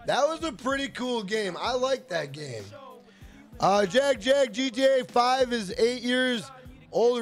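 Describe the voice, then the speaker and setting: A man live-streaming a game, chatting casually and profanely while reading viewers' messages aloud. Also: very high voice. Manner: rambling, profane, jokey, reads chat aloud. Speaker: gaming streamer.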